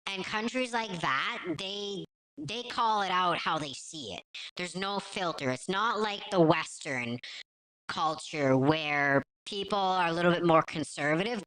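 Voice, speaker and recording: Blunt woman with a bright voice. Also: fairly low pitch, poor audio. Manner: blunt, scornful. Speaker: reaction commentator. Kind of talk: commentary over clips.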